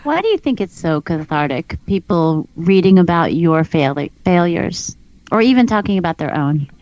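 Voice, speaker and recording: A woman's voice: lowish voice, sing-song, normal speed, a little mellow, no room sound, muffled recording. A middle-aged woman hosting a talk show, reading aloud with amusement in casual chat.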